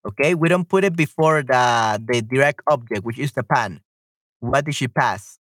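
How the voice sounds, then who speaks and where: A woman teaching a live-streamed language lesson, patiently repeating phrases slowly and translating them. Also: extremely low pitch, no echo, studio quality. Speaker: Spanish teacher on a livestream.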